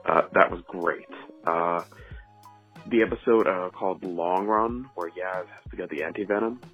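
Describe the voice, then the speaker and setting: A man's voice: sits low, normal speed. A man calling in with a chatty, rambling voicemail review, full of fillers. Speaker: caller leaving a voice message. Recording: dull, muffled phone audio, faint music.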